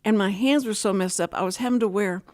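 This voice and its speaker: A woman hosting a talk radio show, telling personal stories in a rambling, animated way. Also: mid-range voice, quick pace, no room sound, clean studio sound. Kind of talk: casual talk radio chat.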